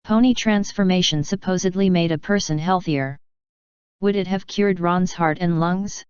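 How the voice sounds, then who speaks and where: A woman narrating a fan story in a steady audiobook reading. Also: fairly low pitch, normal speed, clean tone, dry recording, lo-fi sound. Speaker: fanfiction reader.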